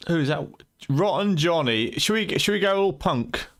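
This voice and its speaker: A man's voice: a little high, animated, normal speed, fairly bright tone. A man with a British accent chatting and joking with viewers during a late-night game stream, his voice tired and going, teasing and swearing freely. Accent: British English. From United Kingdom.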